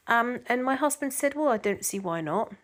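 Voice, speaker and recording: A middle-aged woman with a voice on the high side chats casually to camera as a vlogger. She reads out viewer comments in a rambling way, with frequent ums and restarts.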